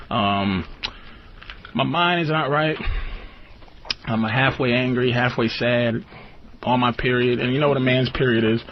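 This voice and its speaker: Over a noisy background, a male call-in radio host delivers profane, comic rants, often laughing and leaping into squeaky high-pitched bursts. The broadcast itself sounds dull and lo-fi.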